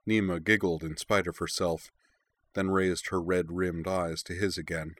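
A man narrating a story in an even, unhurried reading voice. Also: low voice, no room sound.

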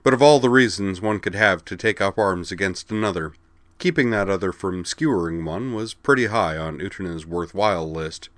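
A man with a very low voice reads a fantasy story aloud in a steady, even way. The recording is close and dry, with no room sound. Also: normal speed, no echo. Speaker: narrator. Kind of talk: storybook narration.

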